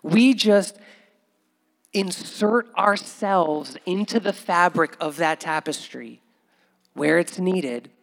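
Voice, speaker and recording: A man preaching a conversational sermon as pastor, chuckling often and building to loud, animated bursts. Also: sits high, slow, gravelly, in a large hall.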